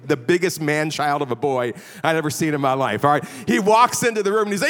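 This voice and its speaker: A man's voice: fairly high pitch, expressive, fast, few pauses, a bit bright. A middle-aged man from the Chicago area preaching a sermon, telling stories in a conversational, self-deprecating way. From Chicago area, USA. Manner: self-deprecating, conversational, often adds "all right?". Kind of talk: storytelling sermon. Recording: long reverb of a big hall.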